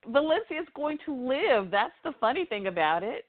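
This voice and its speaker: A woman guest speaks on a call-in radio show in an emphatic, motivational way, repeating her points for weight. Her voice sits fairly high. It reaches the listener through a thin, tinny phone connection. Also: very animated, normal speed. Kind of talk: casual call-in radio talk.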